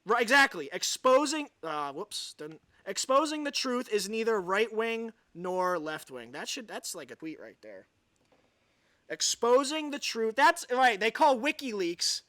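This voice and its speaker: Male livestream host, high and lively voice, sarcastic commentary, dry sound. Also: unhurried, no echo. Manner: sarcastic, exasperated, sighs. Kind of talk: ranting live commentary, reading an article aloud.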